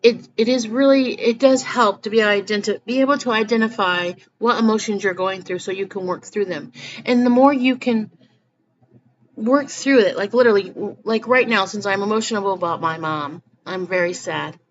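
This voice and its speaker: A woman's voice: mid-range voice, moderate pace. A woman talking earnestly to her viewers in a rambling personal vlog, often restarting her sentences. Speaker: spiritual vlogger. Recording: slightly muffled with faint background noise.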